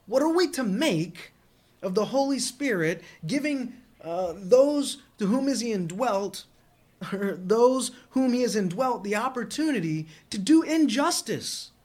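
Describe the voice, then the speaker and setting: A man's voice: very high-pitched, lively intonation, unhurried, a little mellow. A man preaching a sermon in an earnest tone, often repeating words as he presses a point. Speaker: pastor.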